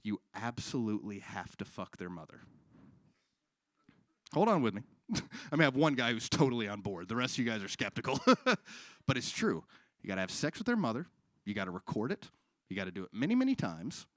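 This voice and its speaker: Man, stand-up comedian, live stage, deadpan, animated pitch, dry sound. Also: a little fast, long pauses, dry recording. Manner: deadpan delivery with crowd work and acted-out dialogue.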